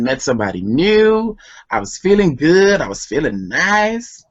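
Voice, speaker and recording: A poet and author appearing as a guest reads poetry slowly and deliberately, lingering over each line with deep emotion, then chats. His slightly rough voice swings widely in pitch, and the sound is dull and lo-fi, like an older internet radio show.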